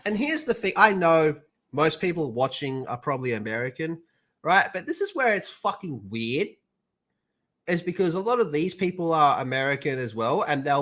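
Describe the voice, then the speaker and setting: Young guy ranting on stream, swears a lot, fairly high voice that jumps all over. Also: unhurried. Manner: profane, animated ranting. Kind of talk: casual chat and ranting.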